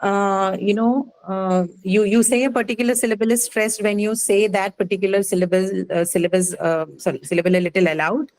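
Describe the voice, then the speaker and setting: A woman's voice: medium pitch, fairly even intonation, brisk, hardly any pauses, darkish tone, low-quality recording. Woman teacher explaining step by step. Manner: patient, explanatory, checks understanding with frequent "okay". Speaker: English teacher. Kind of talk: live online class lecture.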